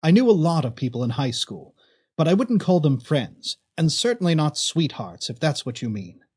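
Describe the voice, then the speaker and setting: A man reading the part of a calm, composed woman who reassures and questions steadily. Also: on the high side, normal speed, husky. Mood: calm, reassuring.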